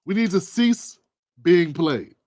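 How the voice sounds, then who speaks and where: A man hosting his own political commentary livestream, talking in an animated, preachy, colloquial way. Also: sits high, slow pace, dry recording, clean studio sound. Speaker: livestream host.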